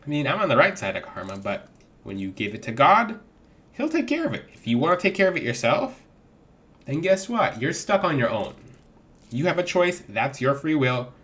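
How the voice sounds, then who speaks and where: A man speaks straight to his viewers, sounding like a casual spiritual teacher. His voice sits a little high and swings widely as he preaches. He laughs easily and stays animated throughout. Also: normal speed. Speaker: spiritual vlogger selling gemstones. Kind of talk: casual spiritual advice to camera.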